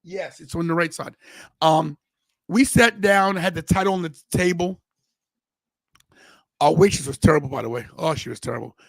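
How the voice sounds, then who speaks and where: A man's voice: a little high, moderate pace, creaky, pauses often, no echo. A man hosting a podcast in casual chat, telling a rambling story with many restarts and fillers. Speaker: podcast host.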